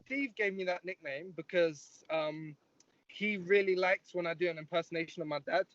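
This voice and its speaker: A young man from the UK in his twenties, speaking as an interview guest in a relaxed way with lots of "like"s. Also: high voice, normal speed, highs cut off, background noise. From United Kingdom. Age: 20s. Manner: relaxed, rambling with many "like"s. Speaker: guest fighter. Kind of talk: casual interview chat.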